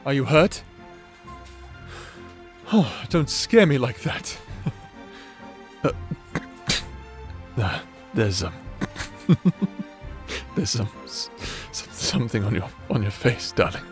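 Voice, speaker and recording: In a whispered role-play, a man voices a doting, teasing necromancer husband, laughing and playfully flustered as he speaks slowly and flirtatiously. His soft, breathy voice is medium-pitched with big pitch swings, over soft background music.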